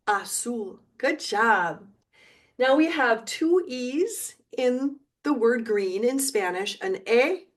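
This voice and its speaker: Middle-aged woman teaching, kinda high voice, super slow and patient, cheers you on and sings along sometimes. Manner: encouraging, repeats words slowly for learners; sings along now and then. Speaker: Spanish teacher. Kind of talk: video lesson.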